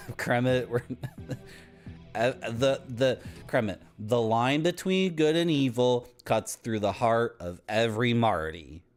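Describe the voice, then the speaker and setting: A man's voice: medium pitch, lively intonation, slow. A man streaming a video game, casually commenting and joking with his chat. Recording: game music behind voice.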